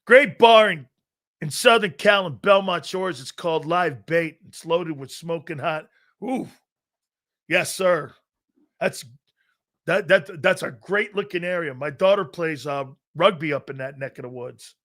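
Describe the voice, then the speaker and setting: A man's voice: on the high side, a little slow, fairly bright tone. A middle-aged man hosting a live sports talk show, brash and profane, rambling through chat comments and laughing often.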